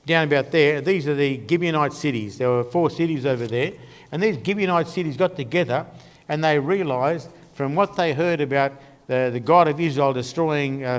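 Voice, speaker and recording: High-voiced man teaching in a reverberant church hall. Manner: conversational storytelling, pointing along a map. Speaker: Bible teacher. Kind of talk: Bible class lecture.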